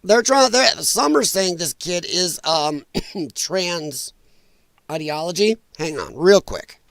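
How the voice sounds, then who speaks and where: A man's voice: high-pitched, lively intonation, takes it slowly, vocal fry, fairly bright tone, dry recording. A man hosting a casual political commentary livestream, blunt and exasperated, with an irritated throat that keeps making him cough. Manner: blunt, exasperated, frequent apologies. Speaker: livestream host.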